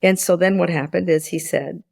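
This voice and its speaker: In a podcast interview, a woman in her sixties who once lectured at a business school explains ideas and tells anecdotes, acting out the dialogue with animated, repeated restarts. Her gravelly, fairly low voice keeps a moderate pace, recorded in studio quality with no echo.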